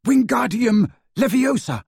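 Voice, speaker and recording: Shaky, high-pitched teen boy wizard in an audiobook, voiced by a man; husky, dry, lively delivery. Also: drawn-out words, no room sound, exaggerated voice. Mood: urgent. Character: frightened, breathless teenage boy wizard. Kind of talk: audiobook character voice.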